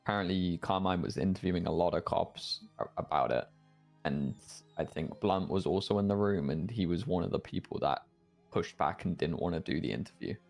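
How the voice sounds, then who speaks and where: A man with a low, gravelly voice speaks in a measured, conciliatory way during an in-character police roleplay, weighing both sides. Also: a little mellow, soft background music. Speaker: police officer.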